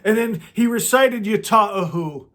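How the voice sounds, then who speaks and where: Spiritual teacher, male, higher-voiced, unhurried; leads prayer in a soft, repetitive, meditative way. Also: animated. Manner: slow, meditative, often repeats words and trails off softly.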